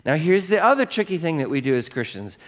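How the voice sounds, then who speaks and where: Talking fast with big swings in pitch, a middle-aged pastor with a voice on the high side preaches conversationally. He poses questions to the congregation and dramatizes the voices in his personal stories.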